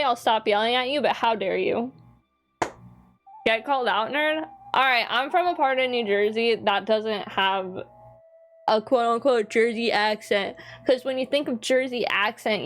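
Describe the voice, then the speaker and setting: A woman streamer giving casual commentary while playing a game, playful and rambling, mock-yelling at her chat. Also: a little high, a little slow, faint music behind.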